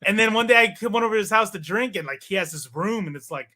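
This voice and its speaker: A man in his thirties telling stories in a casual chat, animated, swearing and acting out what people said. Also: high-pitched, fast talker. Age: 30s. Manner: animated, swearing, acts out quoted dialogue. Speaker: podcast guest.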